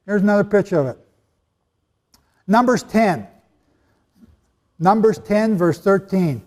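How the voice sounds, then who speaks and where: Sitting high and sounding a little mellow, his expressive voice is unhurried and broken by long pauses. He teaches in sermon fashion to a live crowd in a large hall, emphatic and conversational, quizzing them, and the hall adds long reverb.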